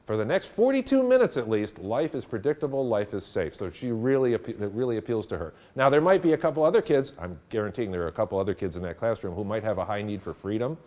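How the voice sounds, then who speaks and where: Lively man leading a teacher workshop. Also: fairly low pitch, fast talker, few pauses. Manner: animated storytelling with laughs. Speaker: teacher trainer. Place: room with a live audience.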